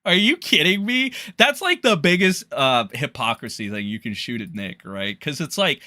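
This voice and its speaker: A man's voice: medium pitch, big pitch swings, normal speed, bright, forceful tone, no room sound, clean studio sound. A man giving heated, profanity-laced livestream commentary, with exasperated outbursts.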